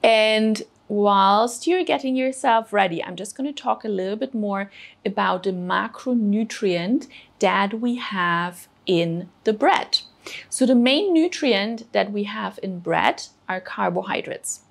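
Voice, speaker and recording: Speaking slowly in a creaky, medium-pitched voice, a woman hosts a cooking show for children. She patiently teaches them about food, guiding and encouraging them one step at a time.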